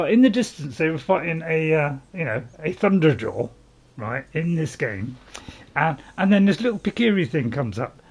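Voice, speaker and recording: Excitable man commentating his gameplay. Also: fairly high pitch, breathy edge. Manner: excitable, talks to himself, swings between panic and calm. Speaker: gaming channel host.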